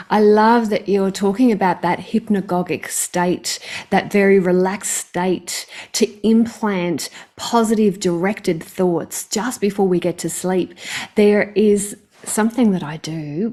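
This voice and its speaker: A woman's voice: mid-range voice, warm tone. A woman hosting a podcast interview, speaking in a reflective, articulate way as she shares her thoughts and asks questions. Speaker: podcast host. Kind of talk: interview conversation.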